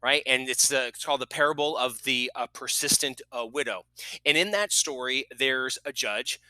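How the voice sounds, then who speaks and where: A man's voice: medium pitch, normal speed, bright, forceful tone, no room sound, poor audio. A middle-aged man hosting a podcast, telling a family story in a casual way with many fillers and restarts, and moved at times. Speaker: podcast host.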